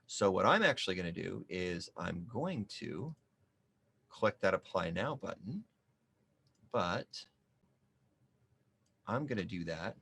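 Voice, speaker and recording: A man's voice: sits low, sing-song, slow, gravelly, long pauses, fairly bright tone, husky. A man walks through an online application in a screen-share tutorial. He jokes and thinks aloud as he types. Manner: chatty and joking, thinking aloud while typing. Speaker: small business advisor demonstrating an application.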